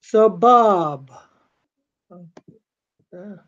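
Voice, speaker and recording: Slow, laid-back comics stream host. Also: medium pitch, lo-fi sound. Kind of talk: casual chat while drawing.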